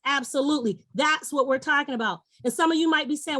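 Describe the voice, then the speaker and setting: A woman's voice: sits high, fast, few pauses, fairly bright tone, no echo. A middle-aged woman presenting an investment webinar over a video call, upbeat and coaxing, addressing her audience directly. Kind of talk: persuasive sales pitch.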